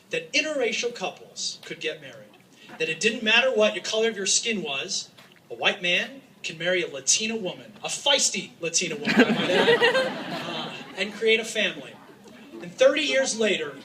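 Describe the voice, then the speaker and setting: A man from Utah giving an impassioned, joking public speech to a crowd as an activist, sometimes raising his voice to a shout. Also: sits high. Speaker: activist speaking at a rally. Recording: distant mic with faint background noise.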